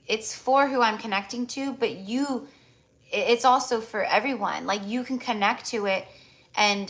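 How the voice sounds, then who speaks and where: A woman's voice: a little high, fairly bright tone. A woman hosting a live tarot reading stream, talking to her viewers in a chatty, affectionate way with lots of "like" fillers. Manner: chatty, heavy use of "like" fillers; affectionate, addresses viewers as "my love".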